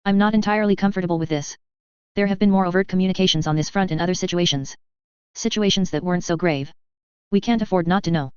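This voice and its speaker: A woman's voice: lowish voice, fast, darkish tone, clean tone, no room sound, muffled recording, lightly acted. A woman reading the lines of a grave, urgent male hero leader in an audiobook.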